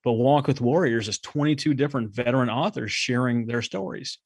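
A man's voice: mid-range voice, fairly quick, gravelly, darkish tone, slightly rough, dry recording. A man guesting on a podcast, talking casually and directly, full of enthusiasm and stories. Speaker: podcast guest, nonprofit consultant. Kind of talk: casual interview chat.

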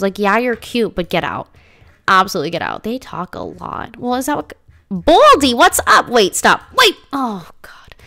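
A woman's voice: medium pitch, a bit bright, dry recording. A woman giving casual, dramatic commentary as she plays a life-sim game, full of slangy exclamations. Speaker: gaming let's-play host.

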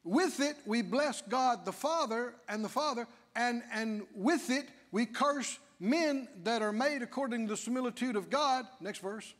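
A pastor preaching a lively sermon, mimicking whiny prayers and laughing along with the congregation. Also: male voice, very high-pitched, unhurried, few pauses, big-room sound. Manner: animated preaching, acts out whining prayers, laughs often. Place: church sanctuary.

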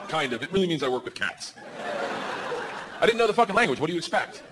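A man doing loud, animated stand-up storytelling on a comedy club stage. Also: a little high, fast, long pauses. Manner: loud, animated, bursts into shouting. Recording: noisy live comedy club recording.

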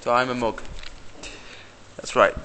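A man's voice: mid-range voice, flat delivery, unhurried, bright, forceful tone. A man from England recording a video diary at arm's length, angrily ranting and muttering curses under his breath. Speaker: vlogger. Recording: noisy outdoor camera audio.

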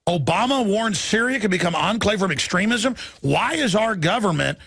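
A middle-aged talk radio host pushes his points in an urgent, indignant rush. His voice is gravelly and slightly high, recorded close and dry. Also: expressive, a bit bright, dry recording. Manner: urgent, rapid-fire, indignant.

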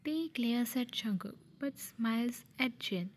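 A woman narrating her own fan audio drama in a plain, unhurried way. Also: on the high side. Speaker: narrator and creator.

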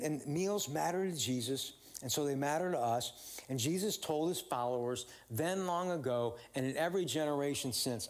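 Male pastor, conversational sermon delivery, informal with fillers. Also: mid-range voice. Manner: conversational, warm storytelling with many fillers and restarts.

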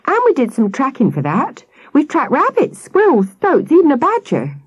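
Storybook boy cub, eager and bright-voiced, a woman puts him on, high and keen. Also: wildly swooping pitch, normal speed, no room sound, dull audio. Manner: eager, breathless.

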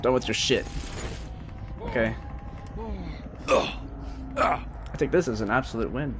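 A young man giving live commentary on his own gameplay, muttering under his breath one moment and yelling out the next. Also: mid-range voice, slow. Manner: excitable, swings between mutters and loud outbursts. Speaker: streamer. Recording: loud game music underneath.

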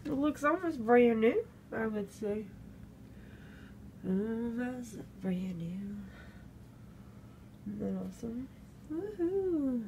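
A woman's voice: a little high, slow, long pauses, a little mellow, slight background noise. A young woman, chatting casually at home into a phone camera while she thinks aloud. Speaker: vlogger reviewing a candle. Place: home room.

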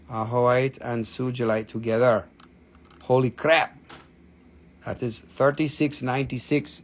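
Man, live mineral sales stream, casual, jokey, curses a lot, average pitch. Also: a little hiss or hum. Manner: joking, blunt, swears freely, non-native phrasing.

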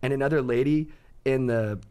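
Fast-talking man telling a story. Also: medium pitch, smooth. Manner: animated, profane storytelling. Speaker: podcast co-host. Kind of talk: casual podcast chat.

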